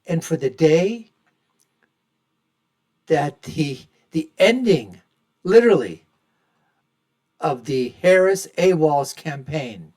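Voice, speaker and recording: A man's voice: a little high, very animated, slow pace, pauses often. A man hosting his own show, giving emphatic, opinionated solo commentary and repeatedly calling his listeners folks. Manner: repeats phrases for punch, swings loud and soft. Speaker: show host.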